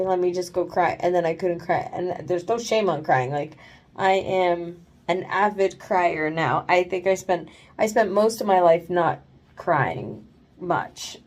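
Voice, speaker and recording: Tired woman rambling, slightly low voice. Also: darkish tone. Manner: rambling, filler-heavy, swears freely. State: tired after oral surgery. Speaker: vlogger. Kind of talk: casual late-night vlog. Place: home, bed then bathroom.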